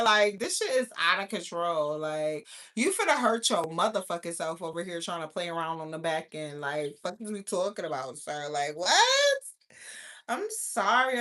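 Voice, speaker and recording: A woman's voice: medium pitch, fairly bright tone. A young adult woman hosting her own channel, talking brashly and with lots of profanity, laughing often. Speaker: YouTube host. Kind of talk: casual livestream chat.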